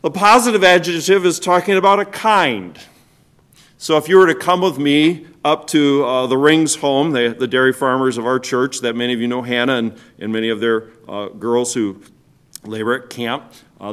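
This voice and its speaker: A man's voice: mid-range voice, steady tone, moderate pace. Emphatic male pastor preaching. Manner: emphatic, swings between loud stresses and soft drops; asks the congregation rhetorical questions. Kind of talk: sermon.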